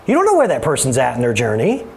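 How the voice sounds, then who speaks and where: A man preaching in a church as its pastor, with a conversational style that climbs high when he presses a point. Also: huge pitch swings, quick pace, gravelly. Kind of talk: sermon. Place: church sanctuary.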